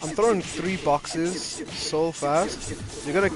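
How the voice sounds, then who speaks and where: A man hosting a gaming channel, chatting casually while he plays and getting loudly worked up when he loses. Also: on the high side, slow pace. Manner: excitable, gets loudly worked up over losses. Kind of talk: casual gameplay commentary. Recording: game music under the voice.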